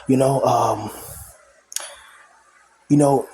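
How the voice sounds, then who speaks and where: A man's voice: mid-range voice, steady tone, unhurried, a little mellow, a little hiss or hum, low-quality recording. A young man venting in a rambling casual monologue to camera, aggrieved, full of fillers and restarts. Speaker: vlogger.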